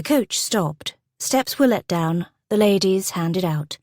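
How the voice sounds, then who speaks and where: A woman narrating a historical romance audiobook in a measured, descriptive way, close to a studio mic. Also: fairly low pitch, expressive, darkish tone, dry recording. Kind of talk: scripted narration.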